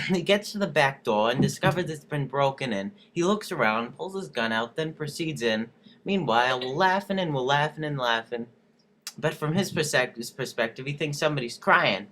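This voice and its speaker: A man's voice: on the high side, fairly bright tone, a little hiss or hum. A man giving a comic dramatic reading of song lyrics, laughing often and acting out the lines of the characters.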